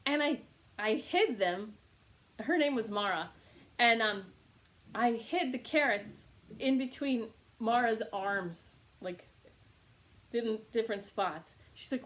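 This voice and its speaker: A woman reiki teacher telling a casual teaching anecdote, animated and laughing often. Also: on the high side, moderate pace, long pauses. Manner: animated storytelling with frequent laughs.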